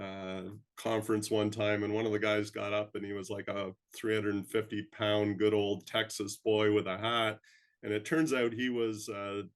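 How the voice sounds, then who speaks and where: Give me an older man from Canada with a somewhat low voice, humbly telling career stories. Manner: humble, rambling, with frequent ums. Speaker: interview guest. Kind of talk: reflective storytelling.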